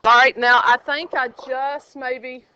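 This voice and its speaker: A woman leads a math class in a high, bright voice, slow and drawn out. She teases her students with sing-song asides. The classroom recording sounds dull and lo-fi. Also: little pitch movement, smooth. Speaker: math teacher. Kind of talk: classroom lecture.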